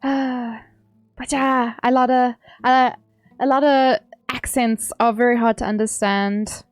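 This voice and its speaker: While she streams a game from home, a South African woman rambles casually and laughs often. Her voice is on the high side, smooth and steady in tone, at a moderate pace, with no echo and soft music playing behind her.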